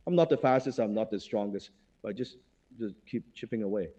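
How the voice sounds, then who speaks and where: A man's voice: fairly low pitch, expressive, a little fast, dark tone, husky, muffled recording. A man speaking as a guest in an interview, blunt and emphatic, driving his points home by repeating them. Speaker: guest entrepreneur. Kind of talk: conversational interview.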